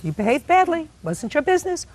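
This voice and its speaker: A woman's voice: high voice, very animated, a little fast, a little hiss or hum. A woman judges a television court case sternly, cutting people off and mocking their words with sarcasm. Her voice rises and falls a great deal as she lectures. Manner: stern, interrupting, mocks quotes sarcastically.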